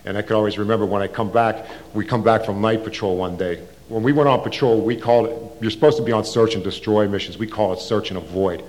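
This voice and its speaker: Older male veteran, lowish voice, loose rambling storyteller with plenty of restarts. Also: quick pace, hardly any pauses, a little mellow. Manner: rambling, casual, with frequent restarts and slang. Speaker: Vietnam veteran recounting his service. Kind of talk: oral history storytelling.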